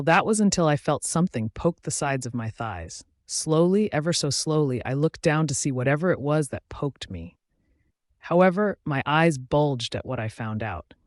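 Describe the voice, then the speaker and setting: A man narrates a romance novel in steady, scripted first-person prose. His voice sits at an ordinary middle pitch. The recording is close and dry, with no room around it. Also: no room sound. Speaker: audiobook narrator.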